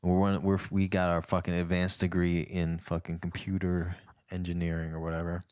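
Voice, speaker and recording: Male co-host, very low voice, dry close sound, rambling banter. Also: completely flat delivery, moderate pace, darkish tone, smooth, no room sound. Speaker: podcast co-host. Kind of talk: casual comedic chat.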